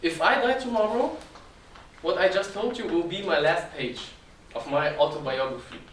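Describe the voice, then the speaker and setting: Twenty-something guy giving a talk, slightly high voice, echoey room, faint hum. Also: moderate pace, a bit bright. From Germany. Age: 20s. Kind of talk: informal presentation to an audience. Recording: echoey room, distant mic, faint ambience.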